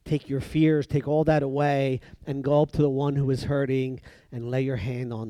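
A man preaching a sermon who acts out the voices in the story he tells, swinging between loud emphatic bursts and soft hushed lines. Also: medium pitch, flat delivery, moderate pace, few pauses, no echo.

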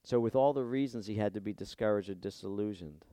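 A man preaching a sermon, impassioned, dropping soft and then rising loud and high when he voices prayers. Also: fast talker, dry recording, clean studio sound.

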